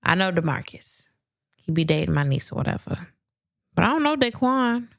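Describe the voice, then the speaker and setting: A woman's voice: fairly low pitch, big pitch swings, moderate pace, gravelly, no room sound, clean studio sound. A woman voicing a woman suspect who tells a made-up story to detectives in an offhand, storytelling way.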